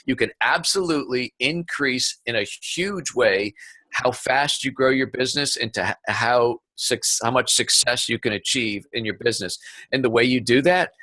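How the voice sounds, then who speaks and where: A man as an interview guest, talking in a conversational, animated way with quick asides and stories. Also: mid-range voice, no room sound. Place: home office.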